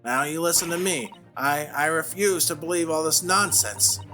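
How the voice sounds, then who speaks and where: A woman's voice: low-pitched, moderate pace, sharp tone, faint music behind. Man putting on a fussy housewife. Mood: distraught. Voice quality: fussy, indignant, fretful. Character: flustered middle-aged English housewife juror, defensive. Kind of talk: game dialogue read aloud.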